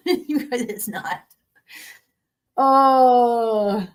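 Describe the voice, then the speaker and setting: A woman's voice: on the high side, very slow. Chatty woman hosting a live stream. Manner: chatty, laughs often, talks straight to viewers. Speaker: host of a cat live stream. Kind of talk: casual live-stream chat, reading and answering chat. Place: home studio.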